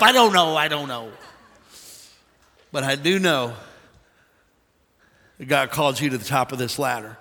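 An older man preaching a sermon, folksy and jokey, swinging from hushed asides to shouting. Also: medium pitch, a little slow, long pauses, long reverb tail, crowd noise, background noise. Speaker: pastor.

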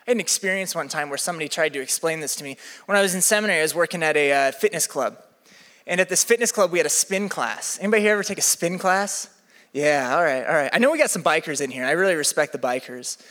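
Animated young pastor preaching in a hall. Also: male voice. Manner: animated, acts out quoted people with big pitch swings. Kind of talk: sermon with storytelling. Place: church hall with a live audience. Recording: long hall reverb.

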